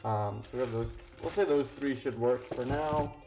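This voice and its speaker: A man's voice: medium pitch, moderate pace, a little mellow. A man hosting a live cooking stream, talking casually and rambling, with plenty of fillers and the odd swear word. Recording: roomy, dull lo-fi sound with faint music.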